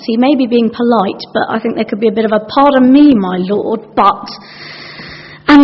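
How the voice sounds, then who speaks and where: A woman's voice: on the high side, husky. A woman giving a sermon in a chatty, anecdotal way, acting out the lines she quotes. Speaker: preacher. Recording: dull sound with long hall reverb.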